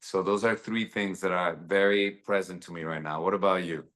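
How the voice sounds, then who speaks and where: Here is a low-voiced man who is a guest author on a video call. He coaches the listener in an earnest, motivational way and stays casual, with plenty of "dude" and "man". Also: fairly even intonation, normal speed, a bit bright. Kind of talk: casual podcast interview.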